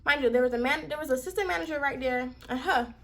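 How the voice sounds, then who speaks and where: High-voiced, heated young woman from Miami. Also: fast talker. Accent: Southern US. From Miami, Florida. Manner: animated, heated retelling. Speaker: vlogger. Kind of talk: casual storytime.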